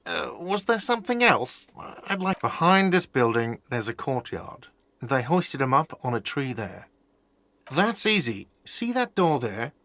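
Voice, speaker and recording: A whiny, thin-skinned cafeteria manager in a video game, his voice bright and high-ish, swinging up and down as he snaps back. Quiet game music plays behind him. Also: no echo, full character voice. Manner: indignant, snippy retorts. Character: petty, whiny male cafeteria manager, touchy and defensive.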